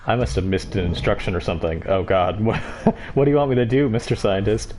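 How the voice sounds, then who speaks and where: A male livestreamer chats and jokes his way through a game, his voice fairly low and relaxed. Faint background noise sits under his talk. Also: quick pace. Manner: joking, chatty asides with laughs. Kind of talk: casual gameplay commentary.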